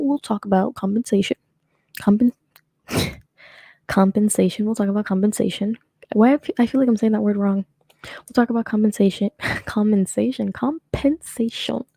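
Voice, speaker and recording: A young adult woman hosts her own podcast, rambling through a casual solo chat full of fillers and restarts. Her medium-pitched voice is creaky and warm, on a dry recording.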